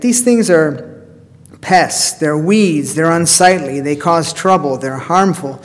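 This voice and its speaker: In a reverberant church hall, a pastor with a fairly high voice preaches slowly, telling his sermon like a folksy story and putting rhetorical questions to his listeners.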